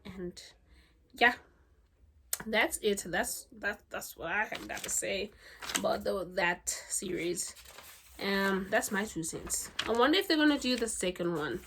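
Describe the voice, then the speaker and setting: A woman's voice: mid-range voice, a little slow, gravelly, background noise. A woman, a book vlogger, chatting casually and gushingly about her favorite romance novels, with many fillers. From South Africa. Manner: gushing, chatty, lots of "like" and "legit". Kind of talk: casual book review vlog.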